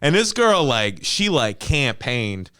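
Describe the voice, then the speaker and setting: A man guesting on a podcast as a comedian, riffing in animated, profane casual chat. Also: medium pitch, slow, smooth, dry recording, studio quality.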